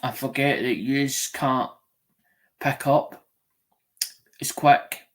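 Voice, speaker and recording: A Scottish man talks to his viewers in a loose, rambling stream of chat. His voice sits at a middle pitch. He keeps restarting and repeating phrases as he goes. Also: fairly even intonation, extremely slow, a bit bright. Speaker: live streamer. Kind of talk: casual live-stream chat.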